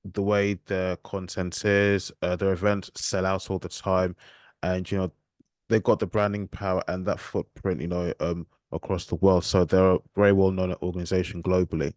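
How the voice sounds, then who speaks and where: A man's voice: low-pitched, level tone, normal speed, darkish tone, no echo, clean studio sound. A man hosting a podcast interview, asking questions politely with a lot of hesitation. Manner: hesitant, many ums and restarts, polite. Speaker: podcast host.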